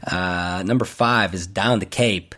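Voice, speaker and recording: A man with a somewhat low voice co-hosts a casual podcast. He talks loosely and jokes around, breaking into laughter as he reads items off a list. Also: a little slow, fairly bright tone. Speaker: podcast co-host. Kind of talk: casual chat.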